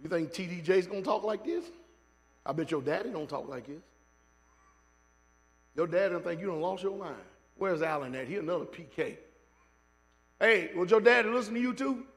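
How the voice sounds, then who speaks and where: High-voiced, fired-up preacher. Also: male voice, expressive, moderate pace, pauses often, a bit bright. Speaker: pastor. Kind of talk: sermon. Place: church sanctuary.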